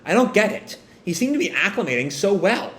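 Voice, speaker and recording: A man voicing a female ninja squad leader with a raised pitch. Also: very animated, fairly quick, a bit bright. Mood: concerned. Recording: roomy echo.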